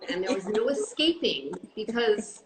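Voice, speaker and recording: A woman in her forties, an actress, chatting playfully on a live phone stream and breaking into loud joking yells. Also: mid-range voice, very animated, unhurried. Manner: giggly, playful, bursts into loud yelling bits. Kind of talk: casual chat on a live stream. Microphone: phone on a live video stream. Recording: roomy phone stream with faint hiss.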